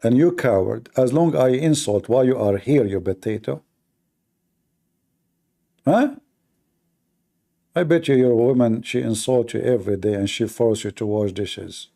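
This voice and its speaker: A man's voice: medium pitch, normal speed, vocal fry, hardly any pauses, warm tone. A male livestream debate host who talks in a mocking, combative way, with sarcastic jabs and broken, non-native grammar. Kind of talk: combative live debate talk.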